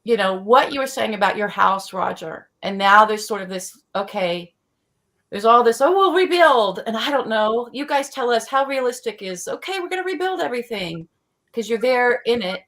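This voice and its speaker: A woman's voice: medium pitch, normal speed, a bit bright. A woman who grew up in the American Midwest, hosting a casual discussion and thinking aloud as she searches for words. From Tornado Alley, US Midwest. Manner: thinking aloud with many restarts.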